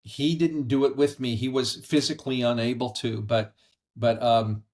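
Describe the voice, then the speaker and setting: Middle-aged man, earnest storyteller, conversational, mid-pitched voice. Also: moderate pace. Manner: earnest, animated storyteller acting out quoted voices. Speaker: podcast guest. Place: brother-in-law's house.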